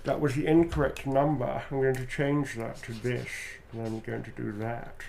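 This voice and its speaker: A man's voice: medium pitch, little pitch movement, moderate pace, vocal fry, a little mellow. A man signing autographs on a livestream, chatting playfully and putting on sultry readings of quoted lines. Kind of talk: casual livestream chat.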